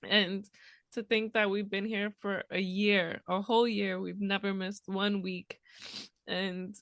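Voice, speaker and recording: A woman in her thirties talks about motherhood, emotional and laughing through tears. Her voice sits at a middle pitch and is recorded close and dry on a podcast mic. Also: little pitch movement, measured pace, fairly bright tone, dry recording. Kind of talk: casual heartfelt chat.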